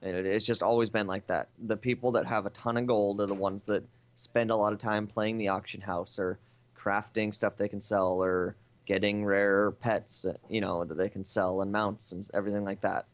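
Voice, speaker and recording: A man co-hosting a casual gaming podcast, explaining things in a relaxed, self-deprecating way. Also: fairly low pitch, normal speed. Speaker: podcast co-host. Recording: dull lo-fi podcast audio.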